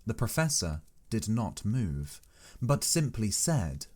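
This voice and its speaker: A man narrating a classic novel in the first person, with steady, deliberate storytelling. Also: fairly low pitch. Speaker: audiobook narrator.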